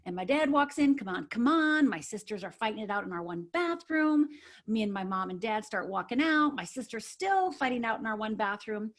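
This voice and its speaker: Her medium-pitched voice has a sing-song lilt and moves fairly quickly. A podcast guest and life coach from Upper Michigan, USA, she recounts something personal with earnest emphasis, frequently tossing in "right?"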